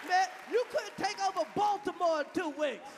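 A stand-up comedian, a man, riffs in a loud, profane, animated way and shouts his punchlines. His voice sits very high for a man. It echoes through a large hall, with a faint crowd and a light hum behind him. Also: moderate pace. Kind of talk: live stand-up routine. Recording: live venue with reverb and audience.

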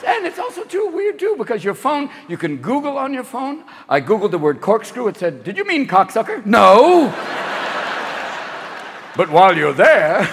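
A man's voice: high-pitched, big pitch swings, normal speed, fairly bright tone, big-room sound, a little hiss or hum. Manic, profane male stand-up comedian. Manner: manic, profane, jumps into voices. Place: comedy stage before a live audience. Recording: live show with faint crowd.

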